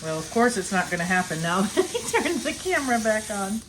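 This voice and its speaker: A woman's voice: mid-range voice, sing-song, brisk, background noise. A middle-aged woman casually walking through a kitchen task in her home kitchen, chatty and laughing often as she works. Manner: chatty, laughs often, talks while snacking. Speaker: homestead vlogger. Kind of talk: casual cooking demonstration.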